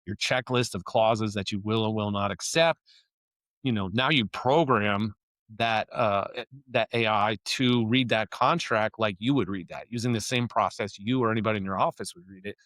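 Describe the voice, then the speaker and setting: A man's voice: fairly low pitch, moderate pace, a bit bright, no echo. A man talking as a guest on a business podcast, explaining in a casual, conversational way with frequent restarts. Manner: conversational, restarts and "you know" often. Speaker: construction operations consultant, podcast guest. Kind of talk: casual interview talk.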